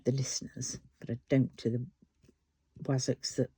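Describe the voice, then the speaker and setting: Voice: normal speed, breathy edge. A vlogger with a British accent, talking casually while diamond painting and ranting heatedly with frequent swearing. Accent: British English. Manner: lively rising and falling pitch when worked up. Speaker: crafting vlogger.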